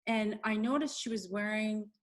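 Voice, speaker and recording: A woman's voice: medium pitch, normal speed. A woman co-hosting a talk show, retelling a story she heard with quoted speech. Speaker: show co-host. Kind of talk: casual storytelling.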